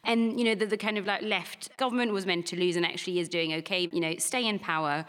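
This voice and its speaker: A woman's voice: fairly low pitch, fairly even intonation, fast, fairly bright tone. Chatty woman on a panel. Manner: chatty, rambling with many fillers. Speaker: comedy panelist. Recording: recording with long hall reverb.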